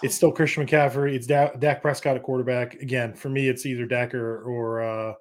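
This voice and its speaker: A man with an ordinary, mid-range voice talks sports in a loose, rambling way. He swears freely and rushes in bursts. When he breaks down his picks, he sounds sure of himself. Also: mid-range voice, little pitch movement. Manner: confident fantasy football analysis. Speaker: podcast guest. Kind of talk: casual sports chat.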